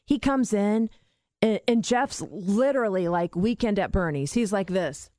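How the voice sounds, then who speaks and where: A woman sits in casual conversation and tells a family story with lively energy. Her voice sits at a middle pitch, and the recording is dry and close. She swears freely as she talks. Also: measured pace, dry recording.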